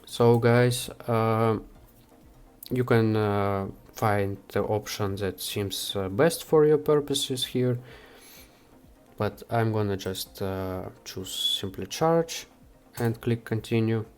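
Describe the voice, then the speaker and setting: Man, tutorial host, slow, unhurried, clean voice, lots of "uh" fillers. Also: on the low side, darkish tone, clear, resonant tone, soft background music. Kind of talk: screen-recorded how-to walkthrough.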